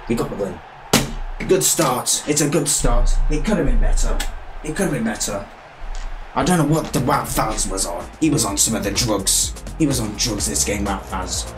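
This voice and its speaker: A young British man giving excitable, cheeky live commentary on a football video game, with game music behind him. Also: lowish voice. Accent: British English. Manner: excitable, shouting and cheeky trash talk. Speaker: gaming YouTuber.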